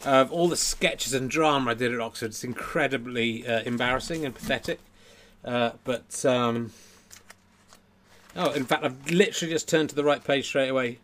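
A man's voice: mid-range voice, normal speed, a bit bright, a little hiss or hum. A middle-aged man hosting a podcast from home, rambling and self-deprecating, a little tipsy and flustered. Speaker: podcast host. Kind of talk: casual chat. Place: home during lockdown.

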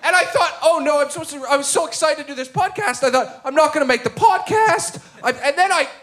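A Canadian man, a comedian guest, telling a story on stage at a live podcast, animated and laughing as he talks. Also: extremely high pitch, fast. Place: theatre stage before a live audience.

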